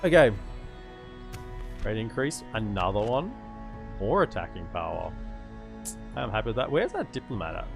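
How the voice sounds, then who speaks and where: Casual male game streamer, animated, thinks aloud, music bed. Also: on the low side, normal speed, gravelly, long pauses. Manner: rambling, self-amused, thinking aloud. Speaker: gaming streamer. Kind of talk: casual gameplay commentary.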